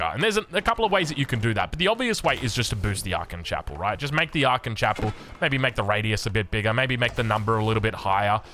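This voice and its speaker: A man with an Australian accent casting a strategy game in excitable, chatty commentary. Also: mid-range voice. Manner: excitable, animated, chatty, laughs often. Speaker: game caster.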